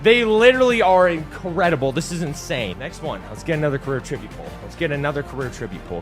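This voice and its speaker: A man from Montana doing hyperactive, joking video game pack-opening commentary and yelling at big pulls. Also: a little high, very animated, moderate pace, slightly rough, soft background music. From Montana, USA. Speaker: gaming YouTuber.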